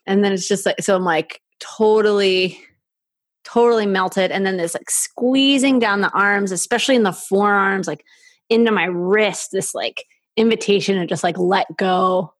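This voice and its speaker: A woman speaking as a podcast guest in an intimate conversation, slow and halting, soft, with many filler likes. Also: medium pitch, no echo, clean studio sound.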